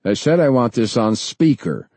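Man playing a blunt army general, curt orders, dark husky voice. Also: medium pitch, very animated, normal speed, no echo, pitched above the performer's own voice. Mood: commanding. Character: defiant senior male army general.

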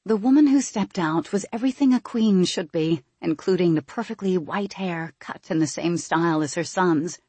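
A woman reading a fantasy novel aloud in steady, measured audiobook narration. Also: on the low side, slightly rough, no room sound.

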